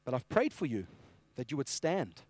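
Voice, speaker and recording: A man voicing Jesus as a calm, steady man giving gentle, measured reassurance. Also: mid-range voice, dry recording. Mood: reassuring.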